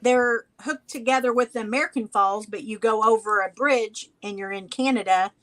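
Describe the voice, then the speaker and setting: A woman's voice: a little high, moderate pace, a bit bright. A woman from Illinois co-hosting a craft chat, chatty as she describes her supplies. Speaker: craft show co-host. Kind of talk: casual chat while crafting.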